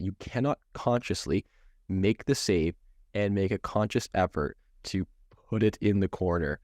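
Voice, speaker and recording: A man's voice: deep voice, darkish tone, no room sound, studio quality. A man in his thirties, a goalie coach, chatting casually on a podcast, rambling with many false starts and restarts. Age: 30s.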